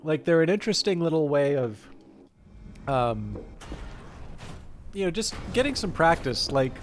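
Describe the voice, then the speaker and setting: A man's voice: on the high side, very animated, a little slow, a little hiss or hum. A man streaming a game, chatting casually and rambling with many fillers and restarts. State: mouth full of food. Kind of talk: casual live-stream chat.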